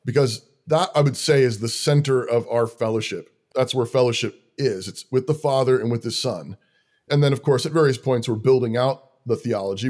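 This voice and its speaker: A man's voice: medium pitch, darkish tone. A man who leads a church, talking through practical Christian living in an earnest, rhythmic way, often stacking short commands in lists. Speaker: church leader. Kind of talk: conversational interview talk.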